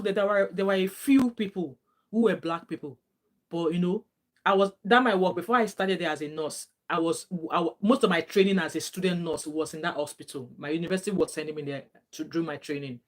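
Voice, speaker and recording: Chatty Nigerian-accented woman vlogger. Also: lowish voice. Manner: chatty storytelling with Nigerian Pidgin phrases and frequent restarts. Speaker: vlogger reading viewer comments. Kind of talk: casual chat.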